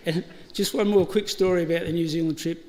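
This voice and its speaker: A man's voice: on the high side, steady tone, fairly quick, noisy background. A middle-aged Australian man giving a chatty eulogy at a funeral service, telling stories with laughs and restarts. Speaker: eulogy speaker. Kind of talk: storytelling eulogy. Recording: hall reverb, live stream.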